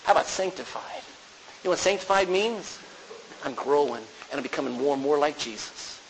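A man's voice: on the high side, animated, a little fast, creaky, poor audio. A man preaching a sermon as pastor, often asking his congregation "Amen?" as he goes. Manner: preaching with frequent call-and-response "Amen?". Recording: faint hiss.

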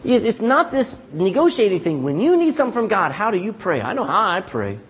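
A man pastor preaching a sermon, animated and calling out for "amen" from the congregation. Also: high voice, a little fast. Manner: animated preaching with frequent call-and-response "amen".

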